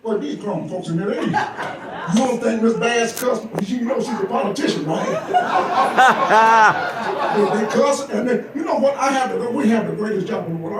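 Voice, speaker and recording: An older man from Georgia, with a fairly high voice, tells teasing jokes and chuckles at them. He is caught on a phone from deep in the audience of a large comedy club, his voice distant and echoing. A loud crowd laughs around him. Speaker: stand-up comedian. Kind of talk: live stand-up comedy. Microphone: phone camera from the audience.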